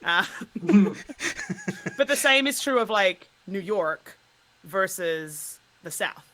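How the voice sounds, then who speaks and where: Aussie woman guest, bright sharp voice, laughs a lot, chatty. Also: medium pitch, slow pace, poor audio. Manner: animated, laughs often. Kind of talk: casual chat about accent work.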